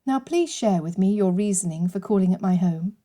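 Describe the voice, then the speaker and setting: A quick-witted young bride teases and answers plainly, with a lively, direct manner, as a woman narrator plays her. The voice is mellow and warm rather than bright. It is audiobook character reading. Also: mid-range voice, natural voice. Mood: playful. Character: witty, forthright young bride.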